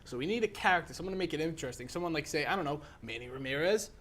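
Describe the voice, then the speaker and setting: A young man co-hosting a casual sports debate, excitable and joking, often talking over his partner. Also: fairly high pitch, very fast, slight background noise. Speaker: co-host.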